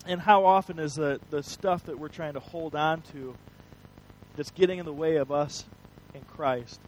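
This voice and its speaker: High-voiced man preaching a sermon. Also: normal speed, a little hiss or hum, poor audio. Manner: earnest storytelling with frequent restarts. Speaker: pastor.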